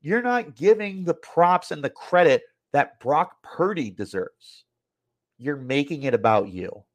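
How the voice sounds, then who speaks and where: A man's voice: fairly high pitch, lively intonation, measured pace. A man hosting a sports podcast, delivering a heated, annoyed opinion rant full of repetition.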